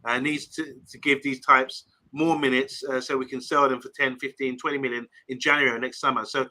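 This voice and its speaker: A man's voice: mid-range voice, little pitch movement, brisk, bright, forceful tone, low-quality recording. A man hosting a casual live stream, reading viewer comments aloud and rambling between topics. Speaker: host.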